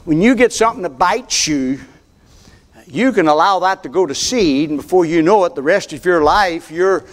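A man's voice: high-pitched, expressive, normal speed. An older man preaching a sermon from a church pulpit, folksy and fired up, repeating words and going into chatty asides. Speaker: pastor.

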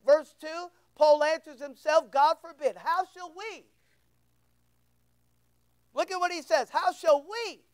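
Orta yaşlı erkek vaiz, tiz sesli, kilisede sohbet havasında vaaz veriyor. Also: male voice, extremely high pitch, takes it slowly, pauses often, rough recording. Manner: conversational, repeats words, asks the room questions. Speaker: pastor. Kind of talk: sermon. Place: church.

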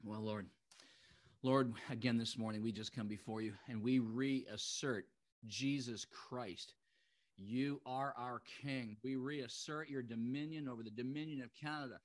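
A man hosting a livestreamed prayer show, proclaiming decrees loudly and fervently and then chatting casually, heard through his own microphone on a video call. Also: mid-range voice, steady tone, a little slow. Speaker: host and prayer leader.

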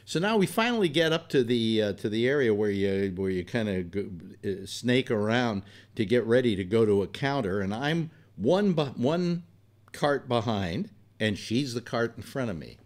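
A man's voice: mid-range voice, animated, moderate pace. An older man hosting a talk show, telling a rambling personal story in a blunt, profane, exasperated way. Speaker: radio talk host.

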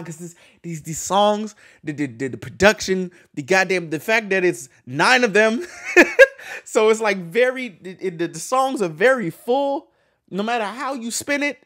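A man reacting to an album on his video channel, talking to viewers in an excitable, stammering way, swearing freely and laughing often. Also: high-pitched. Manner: talks to viewers while reacting to songs. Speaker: music reaction YouTuber. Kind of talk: casual album reaction vlog.

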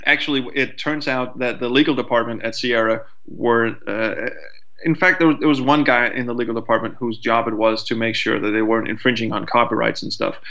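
A man's voice: medium pitch, steady tone, a little fast, pushed and bright. Stammering man guest on a podcast. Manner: stammering restarts, storytelling. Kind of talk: casual podcast discussion.

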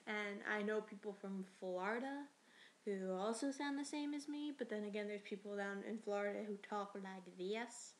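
A woman's voice: medium pitch, a bit bright. A teenage girl from New York talking casually in a rambling, chatty way, swearing now and then. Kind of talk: casual voice meme monologue.

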